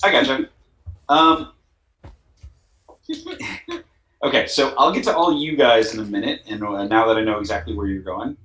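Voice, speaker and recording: A man narrating a tabletop game as game master, speaking at a middle pitch. He talks in a relaxed way, with frequent fillers and laughs. His voice rings in an echoey room. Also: unhurried, pauses often.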